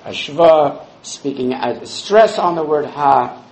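A man's voice: on the high side, slow pace, a little mellow, echoey room, a little hiss or hum, rough recording. A man leading a Talmud study class, explaining the text step by step and quoting Hebrew and Aramaic phrases. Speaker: Talmud teacher.

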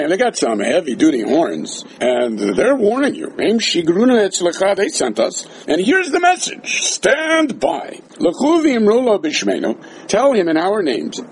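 A man's voice: high voice, a little mellow, a little hiss or hum. A man teaching a Talmud class, mixing Hebrew and Aramaic terms into his English, acting out the quoted dialogue and adding dry, wry asides. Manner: acts out the quoted dialogue with a changing voice.

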